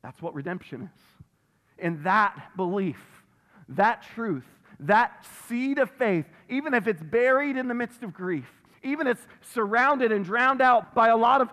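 A man's voice: high voice, a bit bright. A man preaching a sermon as pastor, emphatic, repeating phrases for stress and reading scripture aloud. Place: church sanctuary. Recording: long reverb of a large hall.

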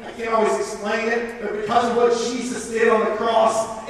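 A man giving an earnest, conversational sermon to a youth camp, full of casual fillers. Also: extremely high pitch. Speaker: camp speaker. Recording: echoey hall, heard from far off.

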